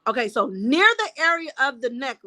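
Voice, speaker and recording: A woman's voice: sits high, animated, normal speed, sharp tone. A woman recapping court testimony from her notes in a casual way. She often stops herself to find her place.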